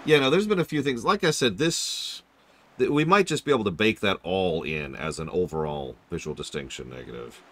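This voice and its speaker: Brief: male streamer with a low voice, rambling and jokey live game commentary, pitch swinging up and down a lot. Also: animated, a little fast, a bit bright, a little hiss or hum. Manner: rambling, joking, self-deprecating asides; talks to chat while playing.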